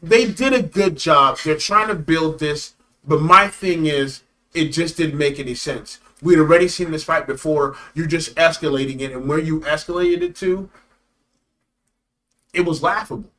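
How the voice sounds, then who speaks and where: A man co-hosting a casual wrestling review chat, animated and joking, slangy and full of repeated phrases. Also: a little high, normal speed. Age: adult. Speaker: co-host of a wrestling review show.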